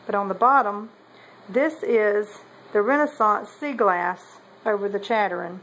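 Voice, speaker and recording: A potter shows her kiln results in a casual show-and-tell vlog, rambling with many ums and self-corrections. Her voice is medium-pitched and fairly bright at a measured pace, over slight background noise in a rough recording.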